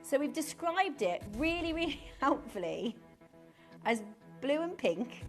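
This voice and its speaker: Shopping-channel presenter: woman, bubbly chatty delivery, very animated pitch, faint music bed. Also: slow pace. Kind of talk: live TV shopping chat. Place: TV studio.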